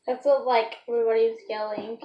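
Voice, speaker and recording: A woman's voice: fairly high pitch, little pitch movement, fast talker, highs cut off. A young girl chatting with a friend for a vlog, teasing and bossy, recorded from a distance in an echoey room. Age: child. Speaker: young vlogger. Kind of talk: casual chat. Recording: echoey room, distant mic, faint noise.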